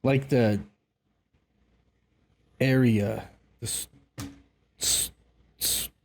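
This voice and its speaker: Canadian man, podcast co-host, jokey banter, casual, middle pitch, slips into a fake Southern drawl. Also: steady tone, drawn-out words, vocal fry. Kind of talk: casual chat.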